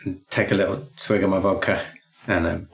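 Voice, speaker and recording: Low male player, dry self-mocking wit, casual game chat. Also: steady tone, fairly quick, vocal fry. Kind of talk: casual tabletop play.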